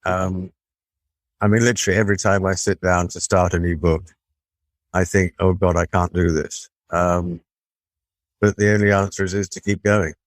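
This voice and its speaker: A man's voice: low-pitched, little pitch movement, moderate pace, long pauses, dry recording. A man being interviewed as an author, answering in a dry, understated, plainspoken way. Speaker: author guest.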